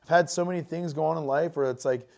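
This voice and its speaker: A man's voice: fairly high pitch, quick pace, vocal fry, a little mellow. A man chatting casually as a podcast guest, rambling with lots of fillers and swearing freely. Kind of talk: casual chat.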